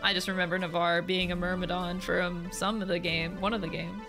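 A woman's voice: fairly low pitch, level tone, a little fast. A woman from the United States giving giggly, rambling gameplay commentary while streaming. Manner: giggly, rambling, reads game text aloud. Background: game music.

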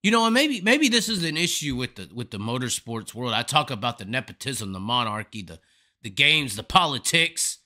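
A man's voice: medium pitch, big pitch swings, normal speed, sharp tone. A man hosting a live stream, delivering a profane, emphatic, rambling rant of commentary. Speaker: host.

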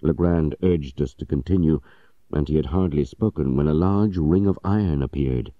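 A man narrating a story audiobook in a measured, even storytelling manner. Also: a bass voice, dry recording, narrow, tinny audio.

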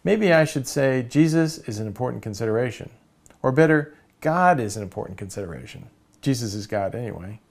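A man's voice: mid-range voice, lively intonation, a little fast, creaky, darkish tone. A man reading the lines of a cartoon character who keeps second-guessing himself. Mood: fretful. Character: fretful male cartoon character drafting an editorial.

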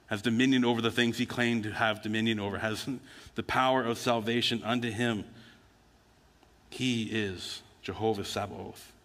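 Speaking from a church sanctuary, a pastor preaches in a relaxed storytelling style, occasionally taking on the voices of the people in his stories. His lower-pitched voice has a bright, forceful edge, fairly even intonation and a moderate pace, all wrapped in long hall reverb.

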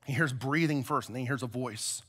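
A male pastor preaching a sermon, retelling a story as an animated storyteller. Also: medium pitch, a little fast.

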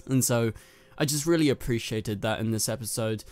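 Soft music plays behind a man with a mid-range, slightly mellow voice who speaks briskly. Hailing from North London and with a London accent, he hosts a casual, rambling, filler-heavy review of a TV episode.

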